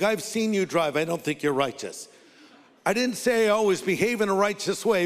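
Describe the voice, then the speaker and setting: A man's voice: high-pitched, long reverb tail. A man pastor preaching a sermon with emphatic delivery, leading the congregation in responses and slipping in humorous asides.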